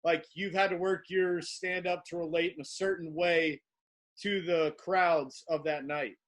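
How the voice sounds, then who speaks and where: A male podcast host asking measured, thoughtful interview questions. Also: fairly high pitch, steady tone, a bit bright.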